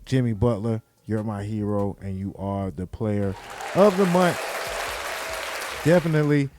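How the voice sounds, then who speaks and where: A man's voice: on the low side, a little slow, a little mellow, a faint crowd. A man hosting a podcast, giving casual commentary in a loose, slangy, repetitive way. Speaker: podcast host.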